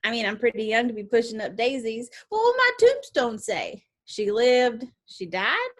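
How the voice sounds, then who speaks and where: A woman's voice: on the high side, very animated, moderate pace. An actress with a Southern US accent playing a bubbly, chatty young Southern girl who giggles and rambles on politely. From New Orleans, US South. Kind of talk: stage play acting.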